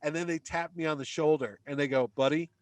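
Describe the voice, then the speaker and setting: A middle-aged podcast guest with a slightly high voice talks fast, telling a long anecdote in casual conversation. He animatedly acts out the voices of people he met, and there's no room sound.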